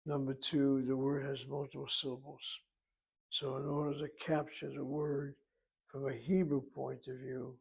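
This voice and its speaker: A man's voice: medium pitch, vocal fry, breathy edge. A man teaching a Hebrew lesson, explaining grammar methodically step by step. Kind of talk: recorded language lesson.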